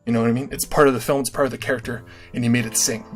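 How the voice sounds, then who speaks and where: A man's voice: mid-range voice, level tone, racing, soft background music. A man hosting a livestream in a casual, earnest monologue, often checking in with his listeners with "right?" and "okay?". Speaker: livestream host.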